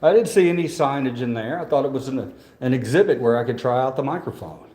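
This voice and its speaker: Chatty guy vlogging on his phone, mellow voice, echoey rooms. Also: mid-range voice, animated, fast. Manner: chatty, joking, rambling, laughs often. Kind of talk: casual vlog walkthrough. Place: indoor museum halls. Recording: echoey museum rooms, faint ambience.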